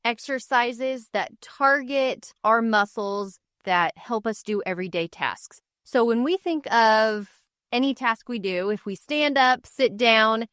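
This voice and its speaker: A woman specialist in a radio interview, explaining things in a clear, instructive way. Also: on the high side, takes it slowly, a bit bright, no room sound, clean studio sound. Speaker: extension specialist.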